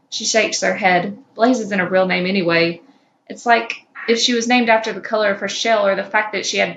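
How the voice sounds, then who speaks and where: A woman podcast host reading fan fiction aloud in a steady storytelling manner, in an echoey room. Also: medium pitch, a little fast. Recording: echoey room with faint noise.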